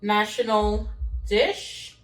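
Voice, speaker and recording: A young woman, a cooking vlogger, chats casually as she cooks in her home kitchen, rambling with fillers and restarts. Her medium-pitched voice is extremely slow, and the sound is roomy, as if recorded from a distance.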